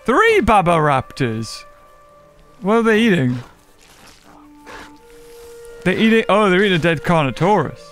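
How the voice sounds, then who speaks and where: A man giving casual gameplay commentary, excitable and laughing often as he talks to other players. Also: high voice, measured pace, pauses often, faint music behind. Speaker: gaming channel host.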